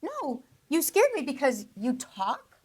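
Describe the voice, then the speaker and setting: A lonely, kind-hearted farm wife, as a woman acts her out in a radio play. Her voice sits somewhat high, and her manner is earnest and gentle, easily flustered. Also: huge pitch swings, takes it slowly, heavily acted.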